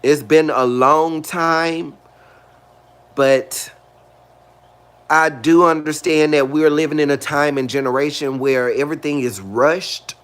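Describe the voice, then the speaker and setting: A man talking casually about faith to his video viewers, animated and chatty, calling them honey and girl. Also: a little high, slow pace, smooth. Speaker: video host.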